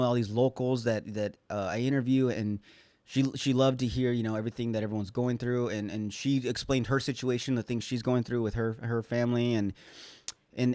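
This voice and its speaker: A young man in his twenties talks straight into the mic on his own podcast, candid and rambling, with loose swearing and frequent restarts. His voice sits at an ordinary middle pitch. The sound is dry and close, with no room echo. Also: a little mellow. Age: 20s. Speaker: podcast host. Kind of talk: casual solo podcast monologue.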